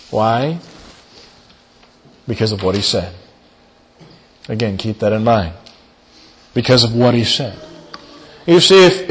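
Guy preaching a sermon, high voice, gets loud then drops to a hush, repeats lines for effect, church hall reverb. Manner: dramatic, swinging from loud to hushed, repeats phrases for emphasis.

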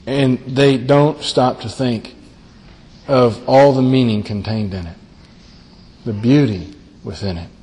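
Earnest preacher in an echoing hall. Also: male voice, medium pitch, husky. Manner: earnest, repeats words, slows down and drops soft for emphasis. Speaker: pastor. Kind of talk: sermon on a Bible passage.

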